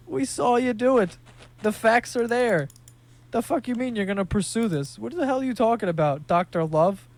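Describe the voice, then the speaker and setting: Profane, laughing young man telling stories. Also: high voice. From New York City. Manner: profane, laughing, animated storytelling. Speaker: gaming streamer. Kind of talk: casual chat while playing a game.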